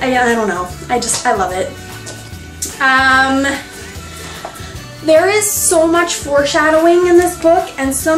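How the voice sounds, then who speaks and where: A woman giving an excited, gushing book review, giggling often and restarting her sentences with lots of fillers. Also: high voice, reverberant, low-quality recording. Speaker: book vlogger.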